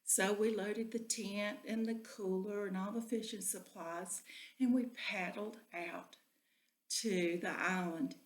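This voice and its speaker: A woman telling a folksy spoken story, often dropping into a breathy whisper. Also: mid-range voice, steady tone, slow pace. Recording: echoey room.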